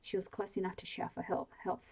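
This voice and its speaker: A woman reads a bedtime story in a soft, hushed ASMR voice, slow and steady. Her tone is low and dark, with a gravelly, breathy grain, and it barely rises or falls. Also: poor audio. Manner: slow, hushed, even delivery.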